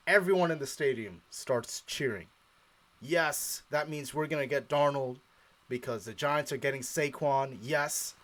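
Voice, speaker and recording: A man co-hosting a live football stream, his voice sitting at an everyday mid pitch. He tells his story with animation, acting out his old reactions and laughing often. It is loose, casual live chat. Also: unhurried. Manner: animated storyteller who acts out his own past reactions. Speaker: co-host of a sports show.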